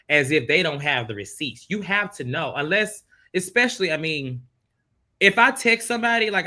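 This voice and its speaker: Bright-voiced man recapping gossip. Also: fairly high pitch. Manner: animated, incredulous storytelling. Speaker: reality TV recap host.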